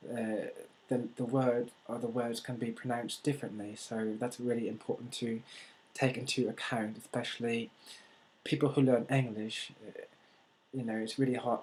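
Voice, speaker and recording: An American man giving a casual vlog monologue, talking in a thoughtful, halting way and repeating words as he thinks. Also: medium pitch, darkish tone, low-quality recording. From United States. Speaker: language-learning vlogger.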